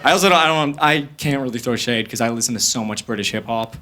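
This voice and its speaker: In a live comedy club recording with audience noise, a young man does stand-up into a handheld mic. His mid-range voice moves fast as he energetically pokes fun at himself and leaps into different voices.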